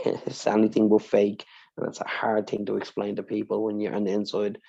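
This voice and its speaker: A man on a podcast telling an emotional personal story, swearing freely and speaking with deep feeling. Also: completely flat delivery, normal speed, vocal fry, dark tone, slightly rough, muffled recording. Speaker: podcast co-host.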